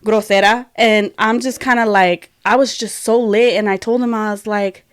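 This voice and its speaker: A woman's voice: medium pitch, normal speed, smooth, no room sound, clean studio sound. A young woman co-hosting a podcast, telling a personal story in casual chat, acting out quotes and dropping in Spanish words. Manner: animated, acts out quotes, mixes in Spanish words. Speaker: podcast co-host.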